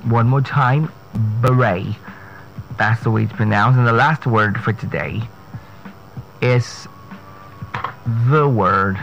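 A man hosting a radio pronunciation lesson, spelling words out letter by letter and repeating each one slowly and carefully. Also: mid-range voice, gravelly, a bit bright, highs cut off, faint music behind.

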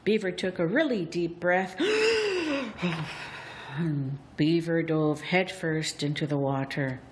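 A woman telling a folk tale aloud, in a deliberate, expressive storytelling manner. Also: low-pitched, slight background noise. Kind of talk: storybook narration.

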